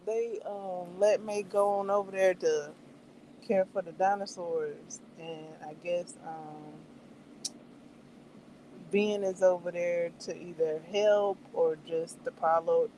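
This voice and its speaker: A woman hosting a livestream in casual chat, animated and laughing often, acting out her own reactions between wandering, filler-filled stretches. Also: fairly low pitch, takes it slowly, a little hiss or hum, poor audio. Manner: meandering with many fillers. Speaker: livestream host reviewing a show.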